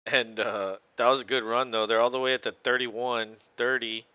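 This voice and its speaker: A man casually calling a football game play by play, relaxed, laughing often and swearing freely. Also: medium pitch, normal speed, smooth, no echo, muffled recording. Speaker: co-host doing play-by-play.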